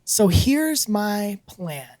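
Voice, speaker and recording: A man's voice: high voice, drawn-out words. A man co-hosting a podcast, telling a story casually, laughing often and acting out what people said. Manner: animated, laughs often, acts out quotes. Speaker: podcast co-host.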